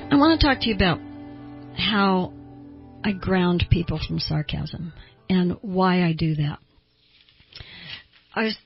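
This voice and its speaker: A middle-aged woman therapist hosting an advice show, talking in a conversational, emphatic way with lively asides. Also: fairly low pitch, slightly rough, no room sound, lo-fi sound. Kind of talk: advice talk show monologue.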